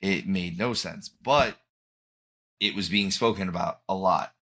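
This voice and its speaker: A man's voice: sits low, measured pace, a bit bright. A man hosting a podcast in casual chat, rambling and often trailing off and restarting mid-thought. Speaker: podcast host.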